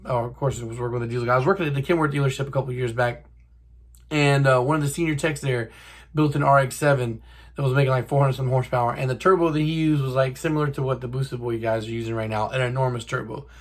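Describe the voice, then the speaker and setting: A man's voice: mid-range voice, steady tone, quick pace. A young man hosting his own channel, chatting casually and profanely to the camera like he's talking to a buddy. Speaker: car channel host.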